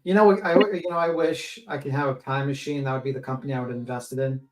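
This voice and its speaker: A man's voice: mid-range voice, steady tone, quick pace, low-quality recording. A man in a casual livestream chat, rambling and joking, with frequent swearing and filler words.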